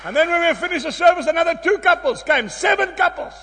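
South African man, preacher, very high voice, emphatic storytelling, long hall reverb. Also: lively intonation, fast. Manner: emphatic, storytelling, swings from loud exclamations to hushed tones. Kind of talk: sermon.

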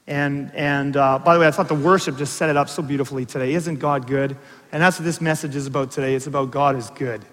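A pastor preaches a sermon with a fast, mid-range male voice and a long reverb tail behind it. He tells animated stories, adding asides and putting questions to the congregation.

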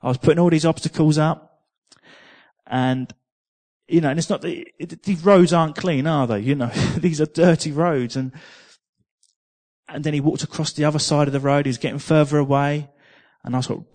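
A man preaching a sermon, telling a personal testimony in a chatty way, with repeated words and small laughs. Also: medium pitch.

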